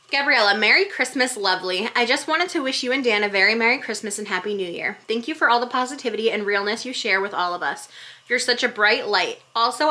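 Bright, gushing young woman vlogger. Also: mid-range voice. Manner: gushing, effusive. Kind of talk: casual vlog, reading holiday cards aloud.

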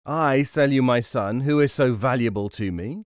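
A man's voice: medium pitch, moderate pace, no room sound, lightly acted. Man doing proud carpenter father, indignant, emphatic, storybook, dry. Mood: protective. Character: proud, hot-tempered grown father carpenter.

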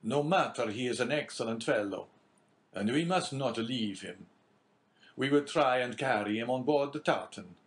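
A man reading the part of a loyal, gruff older sea captain in an audiobook, raising his voice above the narration. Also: animated, normal speed, lightly acted. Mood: firm. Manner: declaims lines louder and higher than his narration.

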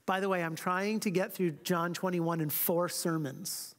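Male pastor teaching a Bible class, high voice; slow, weighty scripture reading, then brisk casual asides; church hall reverb. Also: fairly even intonation, fairly bright tone. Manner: reads scripture slowly and emphatically, then talks quickly and casually.

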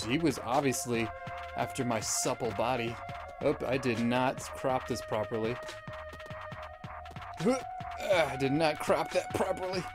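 A man giving let's play commentary, rambling with deadpan absurd jokes. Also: mid-range voice. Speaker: gamer.

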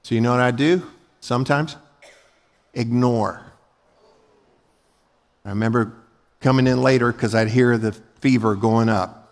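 A man's voice: mid-range voice, fairly even intonation, unhurried, long pauses. A man preaching a sermon as pastor, emphatic and folksy, acting out short everyday scenes. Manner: emphatic, rising to loud peaks. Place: large church sanctuary. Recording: long hall reverb.

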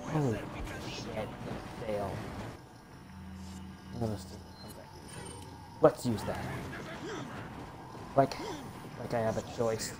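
Male let's-play commentator, unhurried delivery, cursing at the game, audible background noise. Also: on the low side, fairly even intonation. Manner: frustrated, swears a lot. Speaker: gamer.

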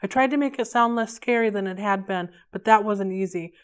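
A woman's voice: mid-range voice, a little fast, clear, resonant tone. Woman reading a novel aloud. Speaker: library read-along reader.

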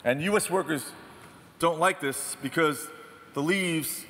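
A man's voice: a little high, unhurried. Man telling stories in a large hall. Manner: self-deprecating, animated storyteller. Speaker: photojournalist speaker. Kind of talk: storytelling talk on stage. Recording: distant reverberant hall, faint noise.

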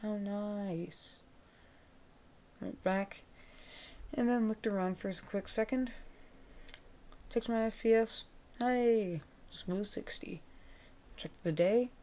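A woman with a gravelly voice giving chatty, laid-back, self-mocking commentary over her gameplay. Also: medium pitch, slow pace, long pauses, mellow. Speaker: gaming video creator. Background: background music, keyboard typing.

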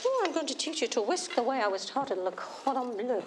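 Brisk and sing-song, this somewhat high female voice plays a cheerful, tall TV cook in her fifties against a noisy background. The actress's 1960s television drama character is a chipper, exuberant cooking show guest, theatrical and warbling, who sprinkles French into her speech.

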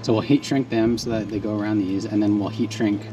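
A man's voice: fairly low pitch, brisk, background noise. Laid-back man explaining a truck install. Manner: relaxed, explains step by step with fillers. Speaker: vlog co-host working on truck. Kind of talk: casual how-to explanation. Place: home driveway, outdoors.

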